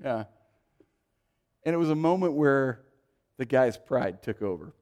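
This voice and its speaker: Middle-aged guy preaching, tells stories, does little voices for people, medium pitch. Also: unhurried, clean tone. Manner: animated, acts out quoted voices in anecdotes. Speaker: pastor. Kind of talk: sermon with storytelling.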